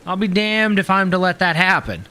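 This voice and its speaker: A man voicing a gruff, blustery male camp commander who talks brusquely. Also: sits high, lively intonation, normal speed, bright, forceful tone. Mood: exasperated. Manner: brusque, swearing, exasperated.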